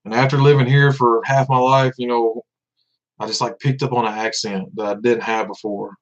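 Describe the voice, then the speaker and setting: Relaxed Southern man in his 30s, casual chatty vlogger, slightly muffled lo-fi sound. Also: medium pitch, normal speed. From Tennessee, US. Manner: laid-back, laughs often, repeats himself. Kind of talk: casual livestream chat. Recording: dull lo-fi sound.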